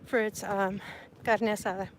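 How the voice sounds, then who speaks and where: A woman's voice: medium pitch, level tone, moderate pace, a little hiss or hum. A woman from Sonora, Mexico, chatting casually with viewers on a livestream, laughing often and mixing Spanish words into her talk. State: sweaty and hot. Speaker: livestream vlogger.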